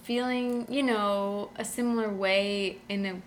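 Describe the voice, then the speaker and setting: This woman co-hosts a casual podcast about a book series, her medium-pitched voice steady and measured with a faint hiss or hum underneath. She's bright and jokey, laughing often as she chats.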